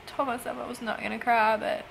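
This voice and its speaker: A young woman, a foster mother, talking in an emotional personal vlog, halting and tearful with sighs and trailing phrases. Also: on the high side, level tone, gravelly, slight background noise, rough recording. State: emotional after crying. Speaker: foster parent vlogger.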